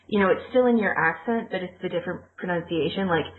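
A woman's voice: on the low side, fast. Chatty woman on tinny lo-fi audio. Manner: rambling, laughs often, self-correcting. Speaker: podcast co-host. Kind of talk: casual chat.

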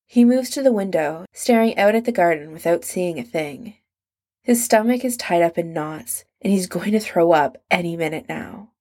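A woman narrating a story in a measured storytelling manner. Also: on the low side, lively intonation, a little mellow. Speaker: audiobook narrator. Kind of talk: scripted narration.

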